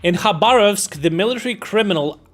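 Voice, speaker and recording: A fairly high-voiced man reads war news on a live stream and riffs on it with loose, profane jokes. He stumbles over names and laughs easily, with faint music under his voice. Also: animated, fairly quick, a bit bright. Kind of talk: casual live-stream commentary.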